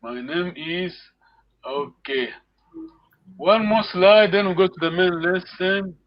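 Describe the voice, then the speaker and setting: A man's voice: high voice, slow, dull audio. A man from Congo, teaching a live online language lesson over a video call. He explains patiently and repeats words for his students to echo.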